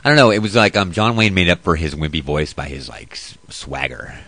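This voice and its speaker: A man's voice: low-pitched, fairly quick, bright, forceful tone, dry recording. A man hosting a casual commentary show who reads news aloud and then rants about it, profane and blunt. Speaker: host.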